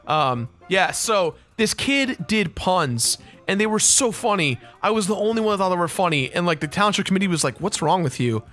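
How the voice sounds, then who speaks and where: This let's play host, a man in his twenties, has a high, lively voice and a fairly bright tone, talking briskly over faint background music. He tells a casual story over gameplay, laughing and swearing a lot.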